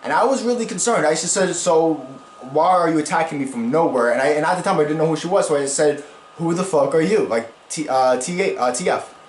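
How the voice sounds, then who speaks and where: YouTuber man, high-ish voice, rambling slangy drama commentary with plenty of swearing, roomy echo. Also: a little fast, slight background noise.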